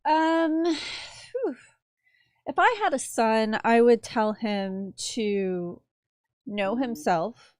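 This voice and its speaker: A woman's voice: fairly high pitch, animated, extremely slow, pauses often, darkish tone, no room sound, studio quality. A woman on a podcast giving thoughtful, earnest advice in casual chat. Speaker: podcast co-host.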